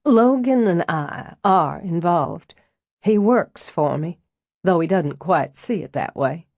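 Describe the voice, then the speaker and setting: A woman reads a poised older Southern woman in a storybook audiobook, with a low and dry voice. She is blunt and wryly amused, and she never hurries to soften her words. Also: lively intonation, slow pace, dry recording, heavily acted. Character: frank, wry, elegant older Southern woman estate owner.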